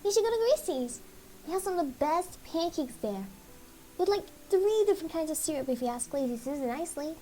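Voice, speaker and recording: A woman putting on a very high, bouncy little-girl voice that swoops up and down as she plays an excitable young girl from a game. She gushes and makes everything sound dramatic. A faint hiss sits under the voice. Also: fairly quick, low-quality recording. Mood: cheerful. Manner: gushing, theatrical.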